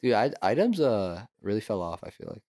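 A young man with a somewhat low voice chats loosely as a podcast co-host. He rambles, laughs often and lets his sentences trail off. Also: sing-song, fairly quick, darkish tone. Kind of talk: casual chat.

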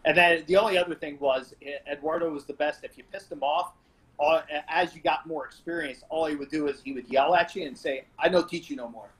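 Guy reminiscing about his old gym, chatty and lively, slightly high voice. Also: a little fast, poor audio. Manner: animated, laughing reminiscence. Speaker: podcast guest, jiu-jitsu black belt. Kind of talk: casual storytelling.

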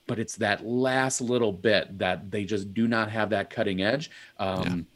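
A man co-hosting a casual sports chat, thinking aloud with many pauses and restarts. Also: lowish voice, fairly even intonation, fairly bright tone. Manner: halting, many fillers and restarts, thoughtful. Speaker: podcast co-host.

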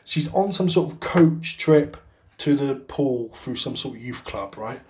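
A man's voice: mid-range voice, expressive, measured pace, a little mellow. A man co-hosting a podcast, telling a rambling anecdote in casual chat, swearing constantly and laughing as he goes. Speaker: podcast co-host.

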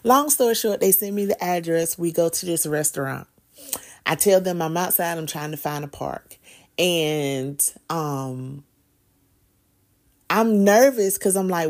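A middle-aged woman, telling a personal story in a chatty, animated way as a podcast host. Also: lowish voice, moderate pace. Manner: animated, chatty, with Southern slang. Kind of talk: casual storytelling monologue.

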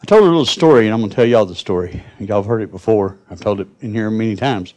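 A man's voice: lowish voice, lively intonation, quick pace, a little mellow. A man preaching a folksy sermon to his congregation in church. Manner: folksy, addresses the congregation directly. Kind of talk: sermon storytelling.

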